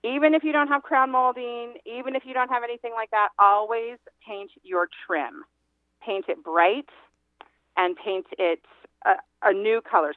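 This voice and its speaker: A woman's voice: medium pitch, no room sound. A woman real estate agent, a guest on a radio interview, giving home-selling advice in a chatty, emphatic way and often laughing. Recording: tinny phone line.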